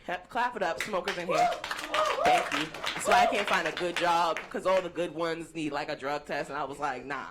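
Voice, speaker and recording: A woman's voice: on the low side, fairly quick, few pauses, heavy background noise. A young woman doing a brash, profane stand-up set, teasing the crowd. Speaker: stand-up comedian. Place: comedy stage before a live audience. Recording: live stage mic with crowd laughter.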